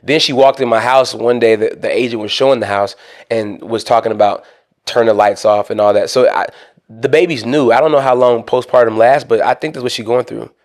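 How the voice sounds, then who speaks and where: A man co-hosting a podcast, telling a long story in a casual, animated way and acting out both sides of an argument. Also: mid-range voice, a little fast. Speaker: co-host.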